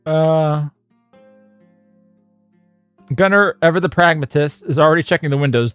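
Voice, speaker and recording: A man's voice: a little high, fairly bright tone, dry recording, faint music behind. Chuckling male streamer reading aloud. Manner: chuckling, rambling, reads in quick bursts.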